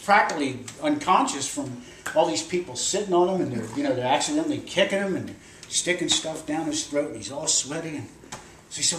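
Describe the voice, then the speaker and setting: An older man, a grandfather, telling a rambling, animated story to children in a casual way. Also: fairly high pitch, fairly quick. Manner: rambling, animated, acts out voices with shouts. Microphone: camcorder across the room. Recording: echoey room, distant camera, loud noise.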